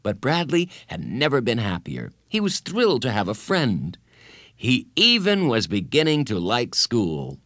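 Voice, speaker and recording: A man narrating a children's story as an expressive storyteller. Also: medium pitch, measured pace, no echo, clean studio sound. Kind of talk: audiobook narration.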